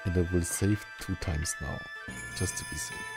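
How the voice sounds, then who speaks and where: Low-voiced man in casual game commentary. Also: fairly even intonation, moderate pace. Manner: self-deprecating, apologetic asides. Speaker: let's play gamer. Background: loud video game music.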